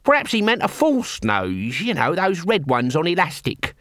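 Man doing a squeaky, scruffy corporal. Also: huge pitch swings, moderate pace, fairly bright tone, no room sound, studio quality. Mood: cheeky. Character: scruffy crude male corporal, shifty and proud.

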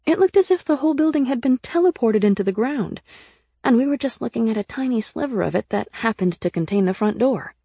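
A woman narrating a first-person audiobook in an earnest, lively storytelling manner. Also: a little high, brisk, husky, dry recording, studio quality.

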